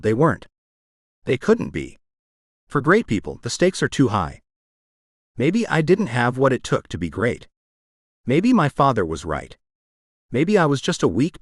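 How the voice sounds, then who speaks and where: Male audiobook narrator, expressive first-person romance read, very lively pitch, dry close studio sound. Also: dry recording. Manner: emotional, expressive reading.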